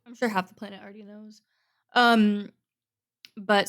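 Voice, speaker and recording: A woman co-hosting a casual podcast who sounds sleepy, starting each sentence loud and letting it fade as she goes. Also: medium pitch, steady tone, normal speed. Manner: sleepy, trailing off at sentence ends. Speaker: podcast co-host. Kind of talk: casual chat.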